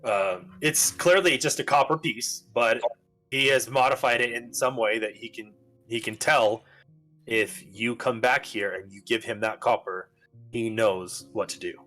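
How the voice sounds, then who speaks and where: A man narrating a tabletop game as game master in a loose, rambling way, with plenty of fillers. His pitch sits in an ordinary middle range. Faint music plays underneath. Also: measured pace, sharp tone. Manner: casual, rambling, full of fillers.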